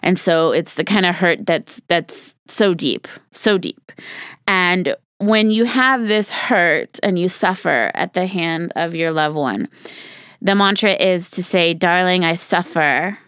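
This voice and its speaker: A woman's voice: on the low side, slow, fairly bright tone, clean tone, dry recording. Earnest woman podcaster, dry close sound. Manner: earnest, repeats words for emphasis, laughs at herself. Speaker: podcast host. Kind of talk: casual solo podcast talk.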